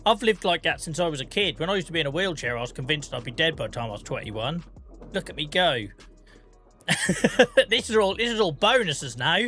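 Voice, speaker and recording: A man in his forties, live streaming a farming game and chatting casually with his chat, joking, laughing often and greeting viewers by name on a boom-arm mic. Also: sing-song, brisk, sharp tone, faint music behind. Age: 40s. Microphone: boom-arm microphone.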